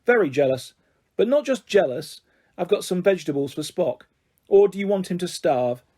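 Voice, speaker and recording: A man's voice: high-pitched, moderate pace. A man voicing a blunt, matter-of-fact girl, the older sister, in a storybook reading. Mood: deadpan. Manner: plain, matter-of-fact, deadpan.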